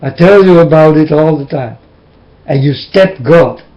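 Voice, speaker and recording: A man's voice: on the high side, unhurried, warm tone. A man giving an emotional religious monologue from his room, pleading and preaching as his voice keeps breaking into tears. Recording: dull lo-fi recording.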